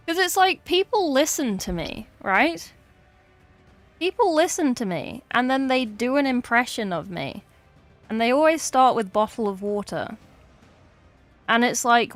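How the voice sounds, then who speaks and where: An English woman chatting casually on a livestream, chatty and swearing freely with exasperated asides. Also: fairly high pitch. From England. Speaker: streamer.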